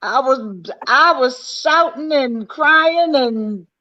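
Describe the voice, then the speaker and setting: A woman co-host chiming in during casual talk, affectionate and quick to laugh along. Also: sits high, lively intonation, sharp tone. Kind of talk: casual conversation. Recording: dull lo-fi sound.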